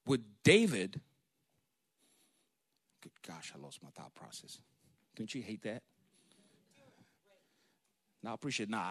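A man's voice: on the low side, breathy edge, no room sound, clean studio sound. A man giving an informal Bible teaching, talking conversationally and retelling scenes in casual slang. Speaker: preacher.

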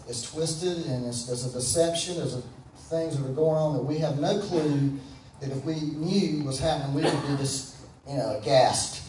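Slightly high and darkish in tone, this American man's voice carries a folksy, conversational sermon that invites the congregation to answer back. A little hiss or hum runs through the distant, roomy recording made in a church sanctuary, where a faint background can be heard.

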